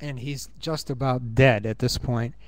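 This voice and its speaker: A man's voice: medium pitch, fairly even intonation, no room sound. Man, conference speaker, earnest and musing, mid-range voice, dry close sound. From United States. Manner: earnest, musing, thinks aloud with pauses and fillers. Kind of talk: reflective conference talk. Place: university conference room.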